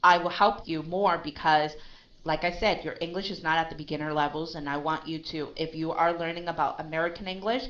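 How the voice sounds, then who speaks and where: A woman's voice: low voice, steady tone, a little fast, a bit bright. Patient woman coaching pronunciation, lo-fi. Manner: patient, corrective, checks in with "okay?" and "right?". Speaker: English pronunciation teacher. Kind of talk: live online pronunciation lesson.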